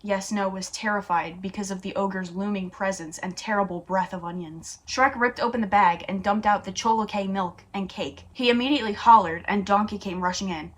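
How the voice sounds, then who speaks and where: A woman reading a fan-written story aloud, pausing now and then for casual comments of her own. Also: mid-range voice. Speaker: fanfiction reader.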